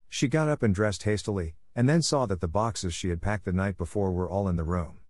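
Man reading a fairy tale, low-voiced. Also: a little mellow, no echo, studio quality. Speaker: narrator. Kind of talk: storybook read-aloud.

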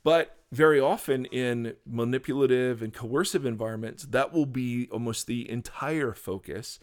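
Earnest preachy man talking faith. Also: mid-range voice. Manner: earnest, preachy, animated with restarts. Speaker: podcast co-host, pastor. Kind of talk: casual conversational teaching.

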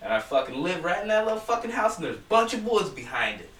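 A man's voice: high voice, sing-song, fast talker, fairly bright tone. A young man telling a rambling, profanity-filled story in casual chat with friends. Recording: echoey room from far off.

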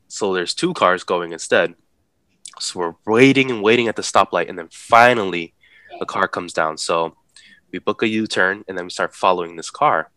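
A man telling a story in a relaxed, animated way, acting out the people in it and laughing as he talks. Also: sits low, moderate pace, no echo. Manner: animated, acts out the voices of people in his story; laughs while talking. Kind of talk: casual storytelling.

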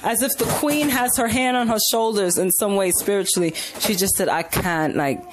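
Animated American woman, noisy recording. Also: fairly high pitch, a little fast. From United States. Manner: animated storyteller, playful and self-mocking. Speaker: podcast co-host. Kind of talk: casual podcast chat.

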